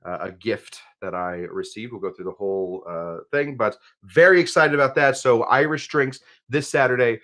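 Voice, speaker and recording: A man in mid pitch hosts a live cocktail show and chats loosely to his viewers. He rambles from one topic to the next and stops to read out their comments. His delivery is loose, jokey and unscripted. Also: moderate pace, few pauses, fairly bright tone. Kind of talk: casual live-stream chat.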